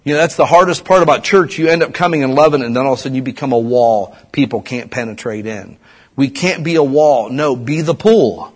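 A middle-aged pastor from Ohio delivers a lively sermon, pushing hard on his exhortations and dropping low for quiet asides. His voice is husky, sitting at an ordinary pitch for a man. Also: a little fast. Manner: animated preaching, swinging from loud urging to hushed asides.

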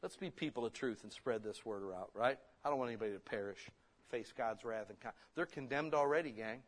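A man preaching a sermon in a church, blunt and folksy, with sudden loud emphatic bursts. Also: medium pitch, a little fast. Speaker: pastor. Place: church hall.

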